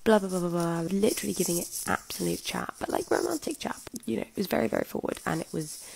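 A woman's voice: lowish voice, expressive, fairly quick, creaky, husky. A woman vlogging casually, chatty, with half-whispered asides. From United Kingdom. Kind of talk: casual vlog.

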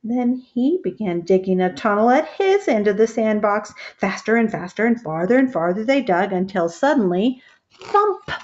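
A woman reading a children's picture book aloud, expressive and stopping to ask the children questions. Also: mid-range voice, moderate pace, muffled recording.

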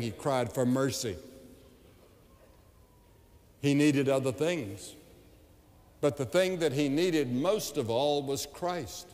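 A man evangelist delivering a revival sermon to a large crowd, emphatic and building to loud appeals, recorded live in an arena. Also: a little high. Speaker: evangelist preacher. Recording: long hall reverb, live event.

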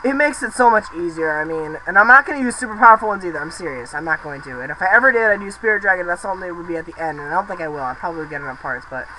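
Young male gameplay commentator, loose and excitable, cussing at the screen, bright voice. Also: high voice, racing, few pauses, faint music behind, low-quality recording. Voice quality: rambling, excitable, swears, shouts at the game. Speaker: let's play host.

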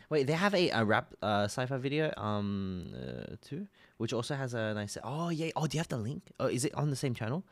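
An Australian man reacts live on his stream, chatty and quick to get excited. His pitch jumps all over the place, and the sound is close and dry with no room around it. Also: creaky, no room sound.

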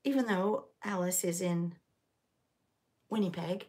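Lowish and slightly rough, a little mellow, her voice moves at a measured pace. She's a middle-aged Liverpool woman hosting a knitting channel, chatting casually from home in a live stitch-along, rambling and answering viewers as she goes.

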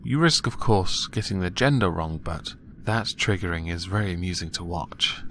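A man's voice: low voice, fairly bright tone, a little hiss or hum. A man giving casual, mocking commentary on news stories, sarcastic and chuckling at his own jokes. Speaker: commentary vlogger.

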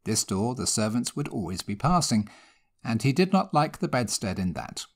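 Male storyteller, mid-pitched voice, animated reading, ghost story narration. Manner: measured, expressive storytelling.

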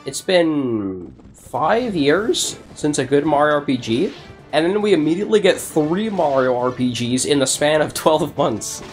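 A man's voice: on the high side, lively intonation, unhurried, faint music behind. Rambling man chatting over a game. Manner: rambling, laughs often, restarts. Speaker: let's play host. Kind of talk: casual gaming chat.

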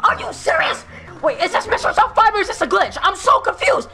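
A male streamer chatting while gaming, excitable, shouting often and calling everyone "bro". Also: extremely high pitch, a little fast, gravelly, faint music behind. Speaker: streamer being pranked. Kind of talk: live-stream gaming chat.

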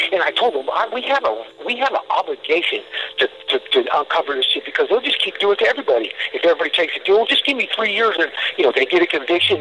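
A man's voice: on the high side, pushed and bright, rough recording. A man speaking as a criminal defendant in a heated monologue, agitated and stumbling over many restarts.

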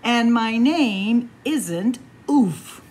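A woman voicing a young male bird, earnest and proud, reading his lines in an insistent, lively storybook voice. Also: sits high, slow, a little hiss or hum, full character voice. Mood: protesting.

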